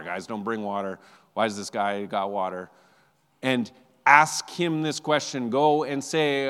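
A male pastor giving a sermon in a conversational, animated storytelling way, often repeating words as he goes. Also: fairly low pitch, normal speed, big-room sound.

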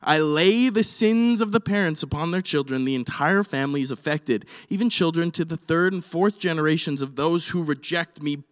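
A man preaching a sermon and reading scripture aloud, animated, swinging from quiet asides to loud, shouted lines. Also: on the high side, clean tone. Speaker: pastor. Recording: reverberant hall.

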